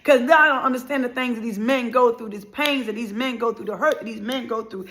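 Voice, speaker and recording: A middle-aged woman, a motivational speaker, telling a personal story in an animated, emphatic way and returning to a repeated refrain. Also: fairly high pitch, fast.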